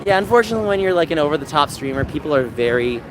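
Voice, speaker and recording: A man livestreaming from outdoors, talking to chat in an animated, mocking, sarcastic way. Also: on the high side, very fast, over music. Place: outdoors in a busy public area. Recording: outdoor street noise with passing vehicles.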